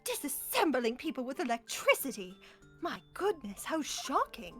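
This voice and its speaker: A woman voicing a prim, fussy juror with a high, exaggerated sing-song voice, in a fan dub of a game. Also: huge pitch swings, normal speed, a bit bright, soft background music, full character voice.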